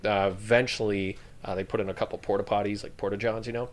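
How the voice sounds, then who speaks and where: A man's voice: on the low side, fast. A man, a retired army infantry veteran, telling stories on a podcast with lots of swearing and laughter. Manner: profane, laughing and animated while telling stories. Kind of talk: casual storytelling.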